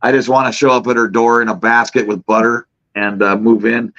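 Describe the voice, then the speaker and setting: Middle-aged male co-host, rambling storyteller full of restarts, medium pitch, muffled lo-fi mic. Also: little pitch movement, fairly quick, fairly bright tone. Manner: rambling, laughing, many restarts and fillers. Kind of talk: casual chat, storytelling. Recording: dull lo-fi remote audio.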